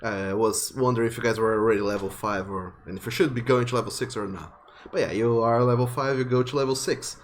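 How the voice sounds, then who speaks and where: A man narrating as game master of a tabletop role-playing game, relaxed and full of fillers. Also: mid-range voice, fast talker, a little hiss or hum.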